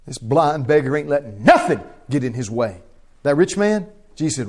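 A man preaching a sermon in a folksy, impassioned way, shifting from quiet to loud. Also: a little high, expressive, normal speed.

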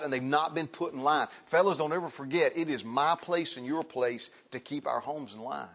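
Male preacher, husky voice, emphatic and repetitive sermon delivery, dull lo-fi recording. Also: mid-range voice. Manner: emphatic, repeats phrases, turns to address the men and women in turn.

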